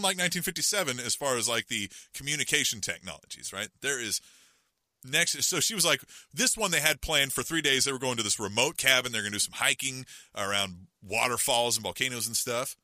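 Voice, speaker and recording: A middle-aged man rambles through a self-mocking story as a podcast co-host, full of fillers and restarts. His voice is very bright and his pitch jumps around a lot. The sound is dry and close. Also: animated, a little fast, no echo. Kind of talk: casual chat.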